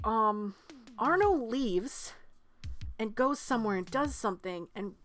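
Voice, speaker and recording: A woman from New England in her thirties, co-hosting a casual movie podcast and telling stories with lively acted-out quotes and casual swearing. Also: on the high side, measured pace, soft background music. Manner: animated storyteller, swears freely, acts out quotes. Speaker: podcast co-host. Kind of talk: casual chat about movies.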